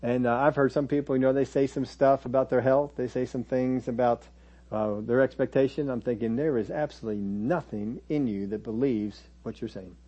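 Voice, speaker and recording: A man's voice: mid-range voice, fairly even intonation, brisk, dark tone, dull audio. A man preaching a sermon in a conversational teaching manner, now and then mimicking churchgoers in quoted asides.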